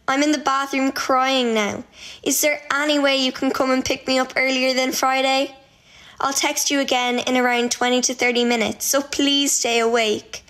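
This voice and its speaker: A woman's voice: high-pitched, a bit bright. A woman reading out text messages as an upset young girl who is tearfully pleading to be brought home.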